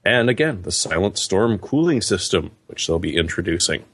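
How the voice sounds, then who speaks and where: A man's voice: low voice, sing-song, moderate pace, fairly bright tone, breathy edge. A man on a tech podcast, running through product specs with dry jokes in casual chat. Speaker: podcast host.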